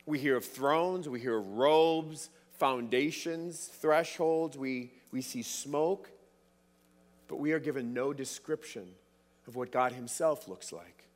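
A man's voice: mid-range voice, slow. Man preaching in a reverberant hall. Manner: emphatic, repeats words for stress. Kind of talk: sermon.

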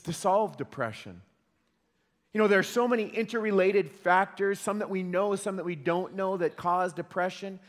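A man preaching a sermon in an earnest way, often repeating words as he starts a phrase. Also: high voice. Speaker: pastor. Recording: long hall reverb.

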